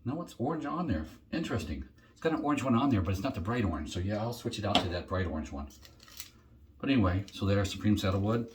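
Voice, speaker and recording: A middle-aged man with a very low, deep voice talks through an unboxing in a relaxed vlog. He rambles and thinks aloud, often pausing on an um before carrying on. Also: a little hiss or hum. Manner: rambling, chatty, thinks aloud with many ums. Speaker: shaving vlogger.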